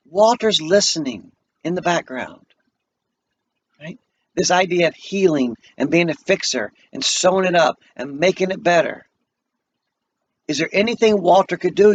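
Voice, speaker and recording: A man teaching a play, pausing the reading to explain it and put questions to students, on a muffled lo-fi recording. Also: high-pitched, expressive, slightly rough.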